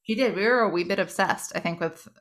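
A woman's voice: fairly low pitch, quick pace. A woman in her thirties co-hosting a podcast, chatting and reading old notebook entries aloud with frequent self-mocking laughs. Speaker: podcast co-host.

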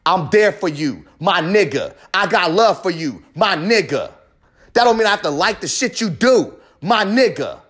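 A man's voice: high voice, animated, normal speed, fairly bright tone. A man delivering a confessional monologue in a heated, profane, emphatic rant, hammering home short repeated phrases.

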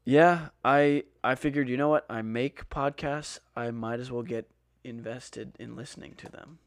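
A young man co-hosting a podcast in casual chat, tossing in dry, quick asides. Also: mid-range voice, fairly even intonation, dry recording. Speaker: podcast co-host.

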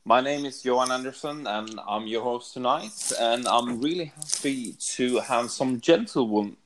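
A man's voice: mid-range voice, normal speed, noisy background. A man hosts a podcast in English, which is not his first language. He greets guests in a friendly way and laughs often. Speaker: podcast host. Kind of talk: casual chat.

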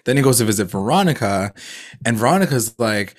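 Casual male podcast co-host, animated recap storyteller, filler-heavy. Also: medium pitch, fairly quick. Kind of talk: casual chat.

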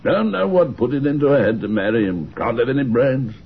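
A crusty old general, gravelly and clipped, slightly dull radio sound. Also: male voice, mid-range voice, very animated, brisk, slight background noise. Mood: gruff. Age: older. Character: gruff, blustering old retired army general.

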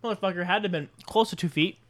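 A man's voice: high voice, racing, fairly bright tone. A young man co-hosting a casual podcast, joking crudely and swearing constantly. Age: young adult. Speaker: podcast co-host. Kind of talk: casual chat.

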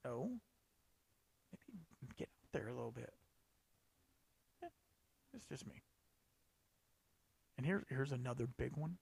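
A man's voice: mid-range voice, sing-song, slow, gravelly, long pauses, darkish tone, breathy edge. A man hosting a podcast, talking casually and rambling, with lots of fillers and restarts. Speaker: podcast host. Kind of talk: casual solo podcast talk.

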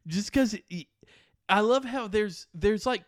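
Giggly young man, high voice. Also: animated, takes it slowly, dry recording, clean studio sound. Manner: giggly, enthusiastic, laughs often. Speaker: podcast co-host. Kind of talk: casual chat.

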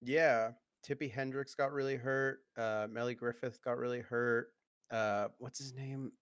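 A man co-hosting a podcast in casual chat, halting with fillers and laughing easily. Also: medium pitch, fairly even intonation, clear, resonant tone, dry recording, studio quality. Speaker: podcast co-host.

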